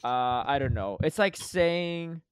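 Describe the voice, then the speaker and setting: A man's voice: on the high side, animated, slow, smooth, no room sound. A man co-hosting a podcast in loose, laid-back casual chat. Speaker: podcast co-host.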